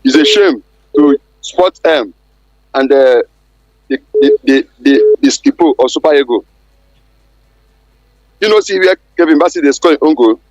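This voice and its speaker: A man's voice: on the high side, unhurried, long pauses, darkish tone, no room sound, dull audio. A Nigerian man calling a sports radio show, ranting in an irate, insistent way. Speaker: caller. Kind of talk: heated phone-in rant.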